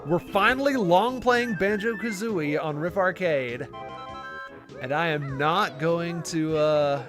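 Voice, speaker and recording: Fairly high-voiced guy streaming a video game, rambly and chatty, faint music behind. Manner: chatty, rambling, self-deprecating, many fillers. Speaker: gaming channel host. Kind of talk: casual live-stream gameplay commentary.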